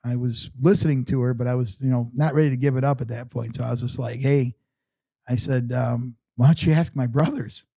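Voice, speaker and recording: A middle-aged man, an interview guest, telling a personal story in a casual, halting way full of restarts and fillers. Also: medium pitch, little pitch movement, vocal fry, dark tone, dry recording, studio quality.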